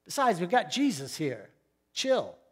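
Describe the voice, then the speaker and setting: Middle-aged guy preaching, high voice, chatty storytelling with lots of asides to the room. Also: wildly swooping pitch, measured pace, slightly rough. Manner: storytelling, conversational asides to the congregation. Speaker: pastor. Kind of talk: sermon.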